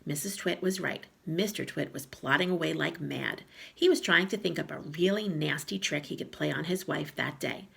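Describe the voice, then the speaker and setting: A woman reading a children's storybook aloud in a lively voice, with small slips. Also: sits low, moderate pace, gravelly, slightly rough. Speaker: reader of a children's book.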